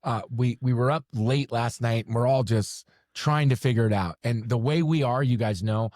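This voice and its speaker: A man recounting a shared memory in relaxed, loose podcast chat. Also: mid-range voice, moderate pace, no echo, clean studio sound. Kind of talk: casual storytelling chat.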